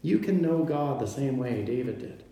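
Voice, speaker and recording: A man preaching a sermon, slow and emphatic, stressing each pronoun as he reads scripture. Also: mid-range voice, animated, vocal fry, dark tone, a little hiss or hum. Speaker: pastor. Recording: very echoey room.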